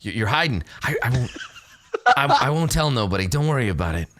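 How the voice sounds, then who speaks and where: A man's voice: mid-range voice, big pitch swings, a little fast, fairly bright tone. A man voicing an eager male bar patron who is a starstruck boxing fan, stumbling over his words. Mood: nervous.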